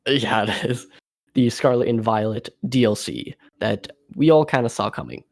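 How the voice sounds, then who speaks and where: A man co-hosting a casual podcast, laying things out in a laid-back, matter-of-fact way. His voice is strongly gravelly with plenty of fry, and he sits at an ordinary pitch. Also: normal speed. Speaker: podcast co-host. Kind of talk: casual chat.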